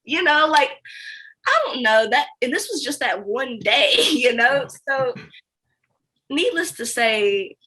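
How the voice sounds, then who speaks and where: A woman's voice: high voice, takes it slowly, low-quality recording. A young woman interviewee, a former sales account manager, telling her story candidly and acting out the dialogue. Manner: animated storytelling that acts out quoted dialogue.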